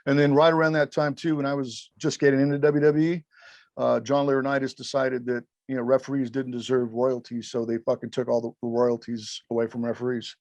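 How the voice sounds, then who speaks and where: A man's voice: medium pitch, flat delivery, a little fast, darkish tone, no echo. Profane, emphatic man, dry close sound. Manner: profane, emphatic, acts out quotes. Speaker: former wrestling referee, podcast guest. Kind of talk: candid interview storytelling.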